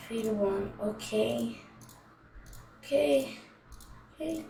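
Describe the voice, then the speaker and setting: Slow-talking woman in an echoey room. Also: on the high side, gravelly, dark tone. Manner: thinks aloud, hesitant and rambling. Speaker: gaming channel host. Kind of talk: casual gameplay commentary. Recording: echoey room, distant mic, faint noise.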